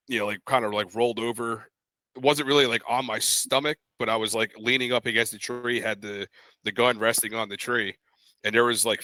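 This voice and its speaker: Young man, podcast co-host, crisp bright tone, dry close sound, animated storyteller. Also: on the low side, no room sound. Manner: animated, acts out quoted voices in his stories. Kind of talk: casual storytelling.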